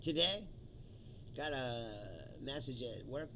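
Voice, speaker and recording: A man's voice: mid-range voice, slow, background noise. A man hosting a livestream, giving a casual, profane political rant with sarcastic asides and chuckles at his own jokes.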